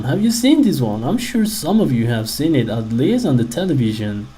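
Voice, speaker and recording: A man's voice: medium pitch, sing-song, dark tone, low-quality recording. A man teaching a simple English lesson to children, asking them many friendly questions. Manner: slow, patient, talks to kids with questions.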